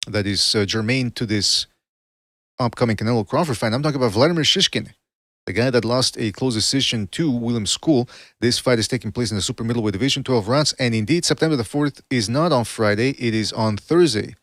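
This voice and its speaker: A man's voice: medium pitch, no room sound. Rambling male boxing podcast host, dry sound. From Canada. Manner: rambling, self-correcting, chatty. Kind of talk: casual livestream commentary.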